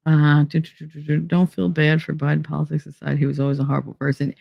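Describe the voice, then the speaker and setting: A host from the UK, chatting casually and reading out live comments, with animated, sarcastic asides. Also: mid-range voice, fast talker, creaky, few pauses, no echo, dull audio. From United Kingdom. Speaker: livestream podcast host.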